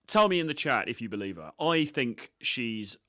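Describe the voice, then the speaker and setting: A man's voice: mid-range voice, big pitch swings, normal speed, bright, forceful tone, no echo, clean studio sound. A man and dating coach giving casual, cocky commentary on his own street footage, swearing freely.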